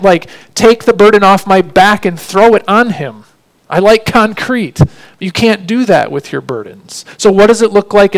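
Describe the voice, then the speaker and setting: A man preaching a sermon in an earnest way, often asking his listeners questions. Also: high voice. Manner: earnest, asks rhetorical questions.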